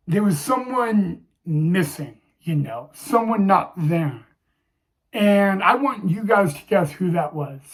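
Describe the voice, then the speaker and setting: A young man telling a personal story to viewers, halting and emotional, with many restarts. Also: high voice, expressive.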